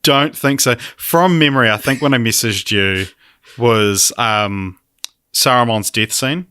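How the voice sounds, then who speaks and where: A man hosting a podcast in casual film chat, easygoing and thoughtful, with "um" pauses. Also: mid-range voice, sharp tone, clean tone, no room sound, clean studio sound. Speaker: podcast host.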